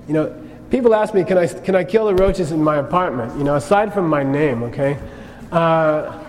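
In a conversational talk on karma from Buddhist teaching, a man keeps pausing to ask "okay?" His voice is a little high with a darkish tone. Faint noise and a long reverb hang over the recording.

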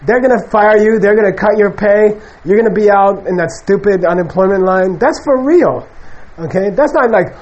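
Male Buddhist teacher, higher pitched, loose and animated lecture delivery. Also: moderate pace, hardly any pauses, highs cut off. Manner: conversational, animated, acts out quoted people. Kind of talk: casual spoken dharma lecture.

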